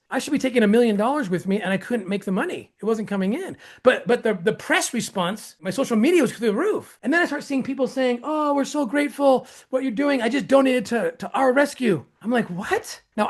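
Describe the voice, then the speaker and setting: Animated man telling a story. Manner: excitable, acts out quoted dialogue with jumps in pitch; frequent restarts and laughter. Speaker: host.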